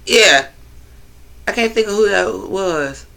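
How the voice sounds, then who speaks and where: A man's voice: sits high, expressive, slow pace, creaky, bright, forceful tone. A man hosting a casual livestream on his phone, talking loosely and profanely while answering his chat. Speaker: livestream host.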